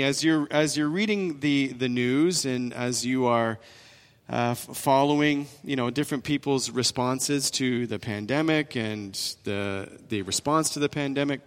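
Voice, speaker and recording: A man preaching in a church, his voice sitting a little high for a man and trailing into a long hall reverb. He talks earnestly and repeats himself, often restarting his phrases as he builds his points. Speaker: pastor. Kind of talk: sermon.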